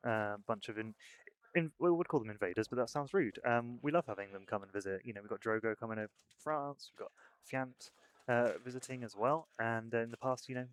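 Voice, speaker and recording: A young man commentating a live esports match, upbeat and brisk, moving smoothly into sponsor shout-outs. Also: mid-range voice. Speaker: esports caster.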